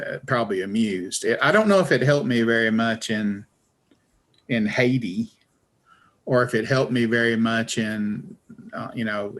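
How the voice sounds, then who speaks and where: Folksy Southern man telling stories. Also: fairly low pitch. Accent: Southern US, Alabama Appalachian foothills. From Alabama, American South. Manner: folksy, wry storyteller who acts out quoted voices. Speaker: author and journalist, interview guest. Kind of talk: relaxed storytelling in an interview.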